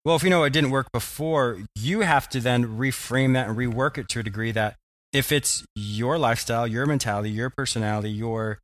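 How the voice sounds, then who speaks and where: A man's voice: medium pitch, fairly quick, fairly bright tone. A man hosting an interview show, asking long, rambling, thoughtful questions and laughing easily. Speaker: podcast host. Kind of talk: casual interview chat.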